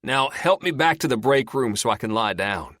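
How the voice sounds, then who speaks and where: A teasing, sarcastic male soldier, put on by an audiobook narrator. He talks lively and mocking. The recording is dry and close. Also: mid-range voice, normal speed, no room sound, pitched above the performer's own voice. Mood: joking. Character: wisecracking trapped male soldier.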